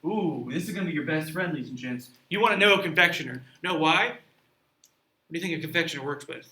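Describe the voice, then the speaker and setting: A man's voice: on the high side, lively intonation, fast talker, sharp tone. A man reading a story aloud and explaining it in a chatty classroom way, often asking his listeners questions. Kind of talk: classroom read-aloud with commentary. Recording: roomy echo, mic at a distance.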